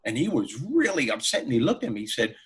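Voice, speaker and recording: A man who is a comedian and motivational speaker, telling anecdotes as a guest in an interview in an animated way. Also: mid-range voice, fast talker, slightly rough. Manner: animated, anecdotal, laughs while telling stories. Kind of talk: storytelling in an interview.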